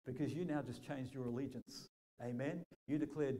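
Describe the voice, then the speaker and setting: A male pastor with a New Zealand accent preaching a sermon, telling stories and acting out quotes in a lively way. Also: medium pitch, normal speed, rough recording.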